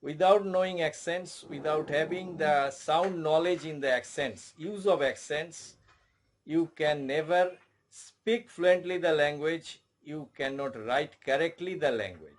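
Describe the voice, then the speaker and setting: Slow, deliberate male French tutor. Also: on the high side. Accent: Indian English. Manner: slow, repetitive, formal teaching. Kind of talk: online language lesson.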